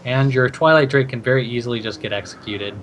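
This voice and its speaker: A man's voice: mid-range voice, quick pace, fairly bright tone, slight background noise. A man casting a card game tournament, talking through each play with plenty of thinking-aloud fillers. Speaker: esports caster.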